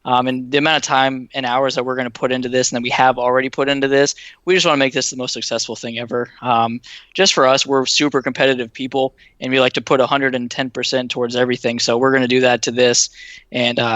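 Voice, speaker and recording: A man from Massachusetts chatting as a podcast guest, modest and quick, with lots of fillers. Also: medium pitch, flat delivery, a bit bright, no room sound, highs cut off. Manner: fast, modest, many fillers. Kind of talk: casual chat.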